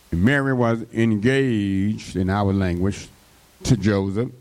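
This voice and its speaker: A man's voice: on the low side, a little mellow. A man preaching a sermon, drawing out his words and breaking in with frequent call-and-response interjections to the congregation.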